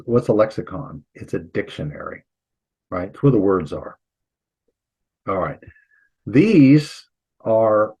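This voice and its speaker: A man with a somewhat low, husky voice lectures through a computer mic on a video call. He explains step by step, patient and informal, with relaxed asides to his students. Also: poor audio. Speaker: Greek instructor and pastor. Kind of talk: online lecture.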